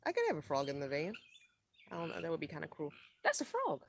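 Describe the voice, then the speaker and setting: A deep, expressive female voice comes rapid-fire over slight background noise. She's a middle-aged van-life vlogger on a casual live stream, sleep-deprived and tired, rambling loosely and reading viewers' comments aloud.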